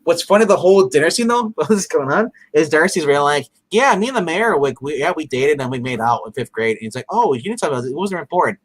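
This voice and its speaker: A man's voice: on the high side, lively intonation, fast, few pauses, breathy edge. A man co-hosting a casual episode recap, retelling scenes animatedly and acting out the characters' lines with frequent laughs. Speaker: podcast co-host.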